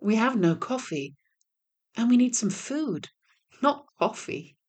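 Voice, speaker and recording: A woman's voice: a little high, big pitch swings, slow, a little mellow, husky, voice pushed up, exaggerated voice. A woman voicing a humble, polite poor young man in a storybook tale. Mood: puzzled. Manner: polite, pleading.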